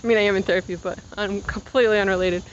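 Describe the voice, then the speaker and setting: This twenty-something vlogger talks fast as she walks uphill outdoors, a little winded and rambling casually through tangents. Her medium-pitched voice stays fairly even in intonation. The recording is muffled, with a little hiss or hum.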